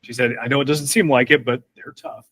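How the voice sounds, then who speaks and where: A man from Michigan, a guest on a podcast, chatting in a friendly, relaxed way and chuckling now and then. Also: mid-range voice, brisk. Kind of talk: casual podcast chat.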